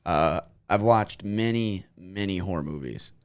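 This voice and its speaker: A man's voice: low-pitched, unhurried, smooth. A man from Minnesota with a Minnesota accent, chatting candidly as a podcast guest, rambling and self-deprecating. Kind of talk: casual chat.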